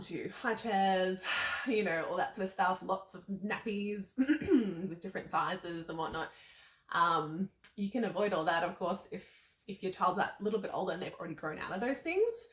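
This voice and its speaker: Breathless pregnant woman in roomy room. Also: on the low side. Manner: rambling, lots of ums and small laughs. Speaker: vlogger. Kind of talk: casual talk to camera. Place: seated indoors. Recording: roomy echo.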